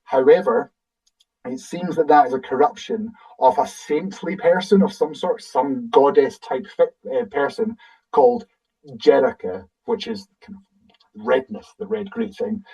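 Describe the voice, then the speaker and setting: A man's voice: a little high, lively intonation, measured pace, creaky, warm tone, far from the mic, low-quality recording. A man with a Scottish accent, a guide explaining things casually in a webinar and thinking aloud as he answers audience questions over a video call.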